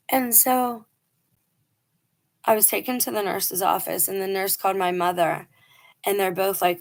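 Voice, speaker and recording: A woman's voice: medium pitch, moderate pace, vocal fry. Earnest woman telling her life story. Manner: earnest, emphatic, with quoted dialogue. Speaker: vlogger telling a personal testimony. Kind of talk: casual storytelling monologue.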